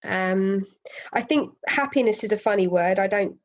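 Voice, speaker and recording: A woman, a property investor as podcast guest, telling a story in a casual, animated way and laughing often. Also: mid-range voice, normal speed, dull audio.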